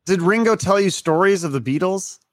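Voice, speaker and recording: High-voiced male host, dry sound. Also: animated, brisk, no room sound. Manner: brief affirmations, leading questions. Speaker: podcast host. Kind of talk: casual interview.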